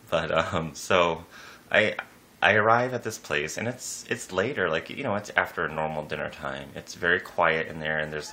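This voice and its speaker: A man casually telling a personal story, rambling with lots of "like" and "you know", lively when quoting people. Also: slight background noise. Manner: animated, jumps up in pitch when quoting people.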